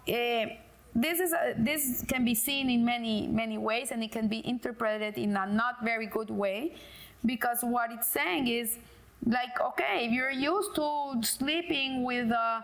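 A woman's voice: sits high, fairly bright tone. A middle-aged woman giving an informal religious lesson, talking in a conversational way with fillers and restarts. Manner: conversational, many fillers and restarts, acts out quoted dialogue in a joke. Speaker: Torah class teacher.

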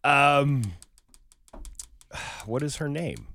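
A man's voice: on the high side, very animated, very slow, gravelly, pushed and bright, no room sound. A man in his thirties hosting a casual chat, playful and teasing.

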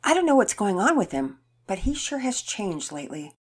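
A woman's voice: medium pitch, sing-song, moderate pace, slightly rough, voice pushed up. Woman voicing a chatty friendly neighbor lady.

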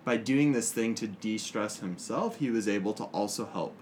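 Casting: low-pitched male co-host, easygoing reflective chat, faint room noise. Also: moderate pace, darkish tone. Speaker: podcast co-host, teacher. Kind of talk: casual chat.

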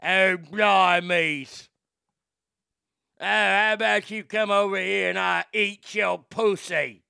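A man's voice: very high-pitched, a little slow, gravelly, fairly bright tone, clear, resonant tone, dry recording, clean studio sound, voice pushed up, full character voice. A man putting on an exaggerated mock-British voice as a vulgar female convict. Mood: leering.

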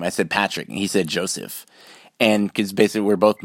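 A man's voice: sits low, fairly even intonation, brisk, no room sound. A man who is a guest on a casual interview, telling stories in an earnest, rambling way and acting out the people he quotes. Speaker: podcast guest, military veteran.

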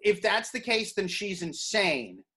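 A man's voice: sits high, sing-song, a little slow, sharp tone. A man co-hosting a podcast, talking in crude, profane, jokey rants. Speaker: podcast co-host. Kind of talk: crude comedic banter.

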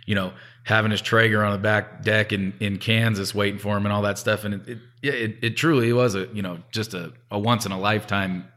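Low, bright-voiced man, halting chat. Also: steady tone. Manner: halting, leans on "you know". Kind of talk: casual chat.

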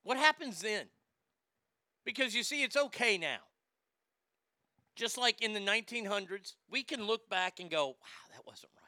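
A man's voice: high-pitched, expressive, moderate pace, pauses often, sharp tone, no room sound, studio quality. A man hosting a sports show, delivering a profane, ranting monologue and stammering over repeated words.

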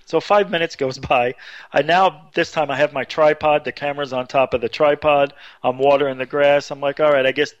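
A man telling a story casually as a radio show guest, animated, jumping his voice high when he quotes people. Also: fairly quick, no room sound, highs cut off. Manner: animated, acts out quotes with sudden high pitch.

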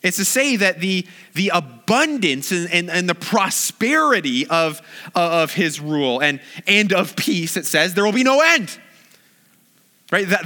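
An enthusiastic male preacher delivers a sermon in a high voice. He stumbles and repeats words as he goes, and he keeps checking in with his listeners by asking "right?" His tone is bright and ringing.

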